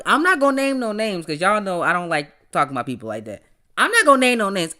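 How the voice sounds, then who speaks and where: Bright-voiced animated man ranting casually. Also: high-pitched. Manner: animated, stammers and repeats words; rants, laughs often. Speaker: podcast host. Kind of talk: casual livestream chat.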